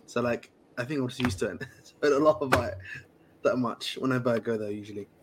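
A man recovering from a cold, chatting casually on a live stream in a relaxed, hesitant way with many restarts. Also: mid-range voice, quick pace, background noise.

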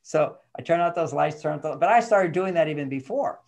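An older man talks through relationship advice as a podcast guest, his voice sitting a little high for a man. He tells stories with energy and acts out the lines of the people in them. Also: brisk, vocal fry, muffled recording. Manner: animated storytelling, acts out quoted voices. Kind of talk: casual interview chat.

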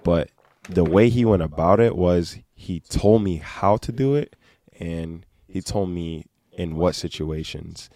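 A man, a podcast co-host, chatting casually in a relaxed, agreeable way. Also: deep voice, a little slow, dry recording, clean studio sound. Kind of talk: casual chat.

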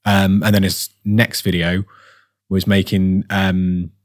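Tired, rambling bloke, low voice. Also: male voice, flat delivery, slow pace, no echo, clean studio sound. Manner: rambling, lots of fillers and restarts. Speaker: podcast co-host. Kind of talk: casual chat.

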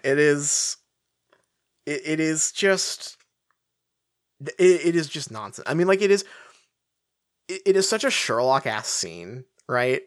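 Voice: medium pitch, very animated, slow, long pauses, no room sound, clean studio sound. A podcast co-host in casual chat, rambling with many fillers and swearing freely. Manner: rambling, frequent fillers, profane.

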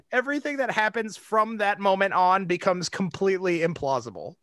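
A man with a high, bright voice that swings widely in pitch, chatting casually. He talks animatedly, peppers his speech with "like," and laughs often. The sound is close and dry. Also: expressive, moderate pace, no room sound. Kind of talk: casual chat.

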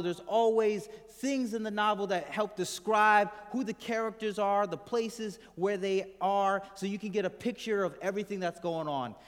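A male pastor with a high-ish voice delivers a conversational sermon, questioning the congregation and trailing off into a soft, low voice at phrase endings. The church hall gives the recording a reverberant sound.

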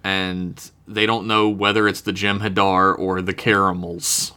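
A man's voice: deep voice, flat delivery, unhurried, bright, forceful tone, clean tone. A young man co-hosting a podcast, chatting loosely and profanely as he recaps an episode. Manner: loose and profane, laughing often. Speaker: podcast co-host. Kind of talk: casual chat recapping a TV episode.

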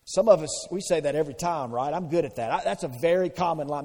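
A man's voice: a little high, quick pace, mellow, breathy edge, in a large hall. A man preaching a sermon in a conversational way, asking the congregation questions and answering them. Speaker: pastor.

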